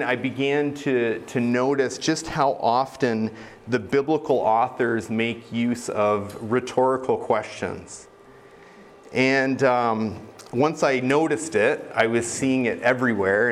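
A man's voice: medium pitch, slight background noise. A man preaching a sermon in a conversational, self-deprecating way, with frequent hesitations. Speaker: pastor.

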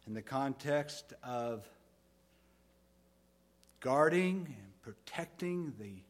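A male pastor preaching a sermon, dropping to soft low phrases and rising to loud emphatic ones. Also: lively intonation, extremely slow.

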